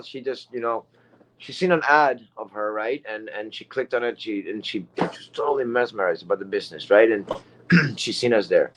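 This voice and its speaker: A man's voice: fairly low pitch, normal speed, a bit bright. A man giving a rambling, emphatic motivational talk as a guest speaker, repeating himself often.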